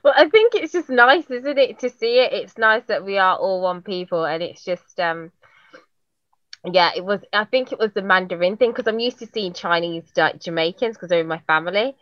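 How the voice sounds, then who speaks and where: A woman, chatting casually and telling stories in a quick, expressive way. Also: medium pitch, no echo. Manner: animated storyteller, quick and expressive. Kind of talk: casual chat. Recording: dull lo-fi sound.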